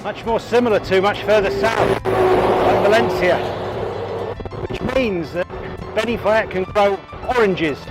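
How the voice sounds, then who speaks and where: A chatty, enthusiastic man with a fairly high voice narrates as he cycles along roads and through tunnels. He talks to an action camera on his bike, and music plays clearly underneath. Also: normal speed. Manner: chatty, enthusiastic, thinking aloud with fillers. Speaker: cycling vlogger. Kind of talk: casual narration while riding.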